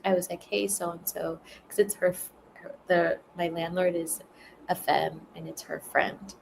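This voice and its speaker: A woman's voice: on the low side, fairly even intonation, measured pace, creaky, slight background noise, rough recording. A woman chatting casually and rambling on a livestream, laughing often as she tells stories. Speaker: spiritual content creator.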